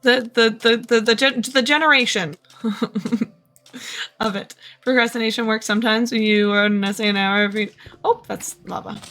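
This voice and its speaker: A woman's voice: on the high side, fairly even intonation, moderate pace, bright, forceful tone. A tired woman streamer rambling casually to herself while she plays. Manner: chatty, rambling, self-talking. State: tired, short on sleep. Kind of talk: casual gameplay commentary.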